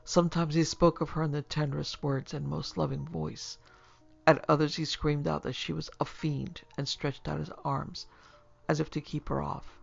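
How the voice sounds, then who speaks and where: Gravelly, husky narrator voice. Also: medium pitch. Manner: measured, steady storytelling. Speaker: narrator and producer. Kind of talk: scripted horror story narration. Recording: lo-fi recording with faint music.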